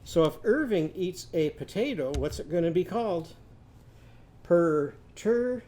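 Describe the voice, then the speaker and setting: A man teaching a children's literacy lesson, modeling speech sounds slowly and leading the class to repeat them. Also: a little high, animated, a little mellow.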